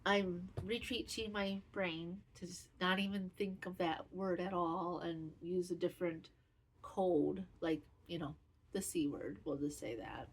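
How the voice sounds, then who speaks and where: A woman in her fifties talks through her week in a relaxed, rambling way, often restarting her sentences. She is open and hard on herself as she tells a personal story. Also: fairly low pitch, a little slow, slightly rough. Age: 50s. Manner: candid, self-critical, rambling with restarts. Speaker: knitting podcast host. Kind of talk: casual personal chat.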